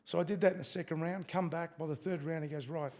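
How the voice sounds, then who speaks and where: During a casual podcast interview, a middle-aged Australian former fighter tells a story as the guest, swearing freely and acting out quotes. He's a fast talker with a fairly high pitch and fairly even intonation.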